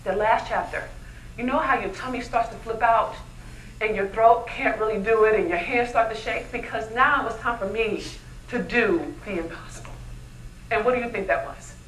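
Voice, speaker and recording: A woman giving a motivational keynote speech at a luncheon, animated and constantly asking the audience questions. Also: on the high side, moderate pace, slight background noise. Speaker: keynote speaker. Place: luncheon event hall. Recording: echoey hall, mic from far off.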